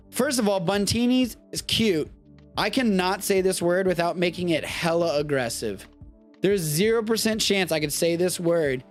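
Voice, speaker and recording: Young man from Texas, live-stream host, casual profane banter, slightly high voice, faint music underneath. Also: a little slow. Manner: profane, animated riffing.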